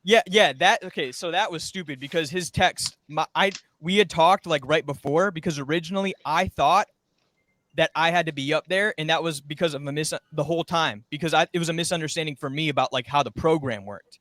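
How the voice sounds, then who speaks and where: A man's voice: on the high side, brisk, a bit bright, no room sound. A young man and former podcast intern, telling a rambling story in casual chat and acting out quoted lines.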